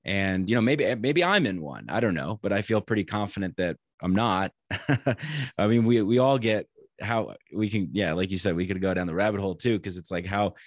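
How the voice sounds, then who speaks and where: A man with a very low voice speaks as a guest on a podcast, thinking aloud in a halting, reflective way and often circling back over his words. The recording is dry and close, with no room sound. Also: dry recording. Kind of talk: casual conversation.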